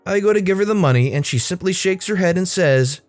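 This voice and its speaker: A man narrating a Reddit story for his channel in a fairly high voice. He reads with animation and changes voice for the people he quotes. The sound is dry and close, with faint music underneath. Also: animated, a little fast, no room sound.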